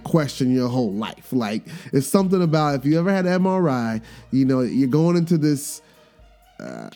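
A man in his thirties hosting a podcast, telling a story in a casual, animated way and acting out the quoted lines with sudden jumps in pitch. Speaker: podcast host. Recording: faint guitar music underneath.

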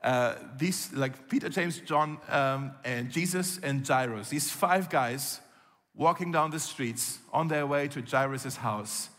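A man's voice: medium pitch, slow pace, fairly bright tone. A man preaching a sermon in a conversational storytelling way, acting out the lines of the people in the story. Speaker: pastor. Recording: long hall reverb.

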